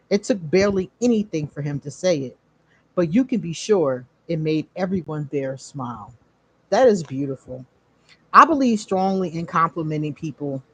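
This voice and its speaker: A woman, hosting a casual live stream where she reads cards for viewers, animated and quick to laugh. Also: mid-range voice, slightly rough. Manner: animated, laughs often, drawn-out emphasis. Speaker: host doing card readings for viewers.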